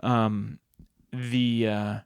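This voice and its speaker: A man's voice: on the low side, level tone, very slow, clean tone, no echo, studio quality. A man co-hosting a casual video game podcast, rambling and teasing his co-host. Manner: teasing, rambling, many fillers.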